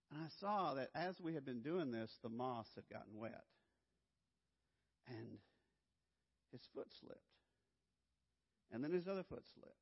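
Guy telling a story all dramatic, goes loud then real quiet, kinda high voice, dull echoey hall sound. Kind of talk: telling a personal story to an audience.

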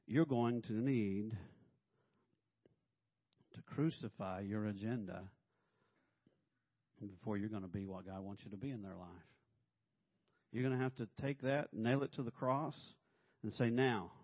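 A man's voice: lowish voice, unhurried, pauses often. A man preaching a sermon in a conversational way, with humorous asides and acted-out quotes. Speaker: pastor. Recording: dull lo-fi recording.

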